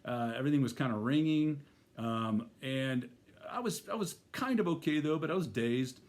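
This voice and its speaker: A man's voice: medium pitch, animated, moderate pace, a little mellow. A middle-aged man telling a personal story in a casual, rambling way, full of fillers and restarts. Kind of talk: first-person spoken storytelling.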